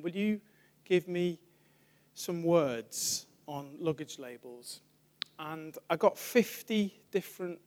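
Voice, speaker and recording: A man, a church evangelist giving an informal sermon, telling stories in a chatty way and trailing off softly. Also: fairly high pitch. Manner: chatty storytelling, laughs often, trails off softly.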